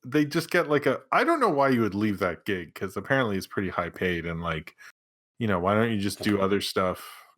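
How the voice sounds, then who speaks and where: A man with a low voice that swings widely in pitch, talking casually on a podcast. He rambles and jokes, with lots of fillers and restarts, among friends. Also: animated, a little fast, a bit bright. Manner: rambling, joking, swears. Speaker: podcast co-host. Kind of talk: casual chat.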